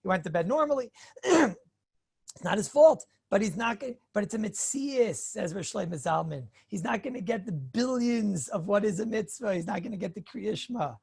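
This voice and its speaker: A man, a rabbi, giving a Torah lecture, animated and acting out everyday dialogues, often clearing his throat and chuckling. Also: high voice, normal speed, dry recording, studio quality. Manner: animated, acts out hypothetical dialogues.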